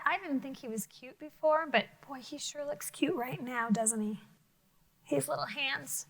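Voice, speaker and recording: Slow, high-voiced woman teacher reading aloud. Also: vocal fry, low-quality recording. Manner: expressive, asks children questions, drops to whispers. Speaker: elementary school teacher. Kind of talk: picture book read-aloud lesson for children.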